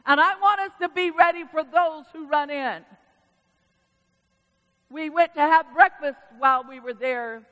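A woman pastor preaching a sermon in a church, animated and calling out to the congregation. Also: very high-pitched, big-room sound. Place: church sanctuary.

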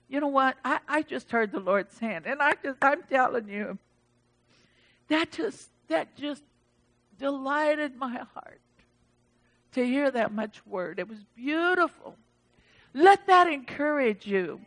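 A woman pastor preaching with fervor, swinging from loud exclamations to soft pleading during an altar call. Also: fairly high pitch, expressive, unhurried.

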